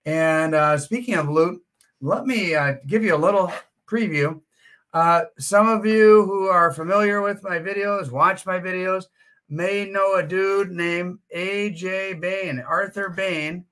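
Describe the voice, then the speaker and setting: A man's voice: high-pitched, a little slow. A man hosting a live auction stream from home, chatting casually with plenty of "uh" fillers. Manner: chatty, relaxed, frequent "uh" fillers. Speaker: livestream auction host. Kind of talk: casual livestream chat.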